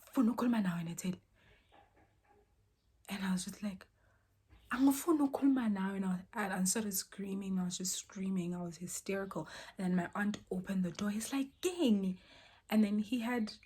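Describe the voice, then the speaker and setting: A young woman tells a story from her own life in a relaxed, chatty way. Her breathy voice sits at a middle pitch. She drops to soft near-whispers, then rises sharply when she acts out what people said. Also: moderate pace. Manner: animated, swings between soft near-whispers and loud exclaimed quotes. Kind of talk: casual storytime.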